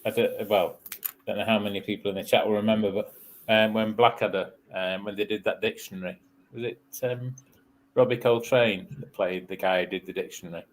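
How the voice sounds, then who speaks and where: Low-voiced hesitant man co-hosting. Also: steady tone, brisk, slight background noise. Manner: hesitant, full of ums and fillers, dry teasing. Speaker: co-host. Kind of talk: casual live chat.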